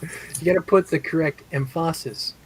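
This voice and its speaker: A man co-hosting a casual chat, relaxed and agreeable, often hesitating before he speaks. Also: on the high side, normal speed, husky, rough recording.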